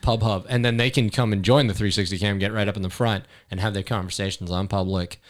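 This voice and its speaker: A man's voice: fairly low pitch, steady tone, quick pace. A man hosting a casual podcast who jokes and swears as he riffs on odd stories and ideas. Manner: profane, joking, riffs on ideas. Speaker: podcast host.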